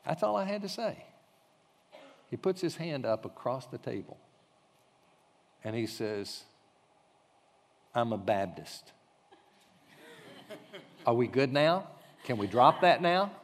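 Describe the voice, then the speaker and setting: A pastor leading a training class, telling a story in a conversational way with frequent fillers and restarts. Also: male voice, medium pitch, sing-song, takes it slowly, pauses often. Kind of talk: teaching talk with a personal anecdote. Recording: long hall reverb.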